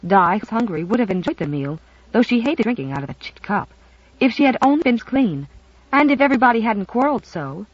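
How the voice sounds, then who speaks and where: Expressive, dry audiobook narrator. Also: medium pitch, fairly quick, no echo, highs cut off. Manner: expressive storytelling.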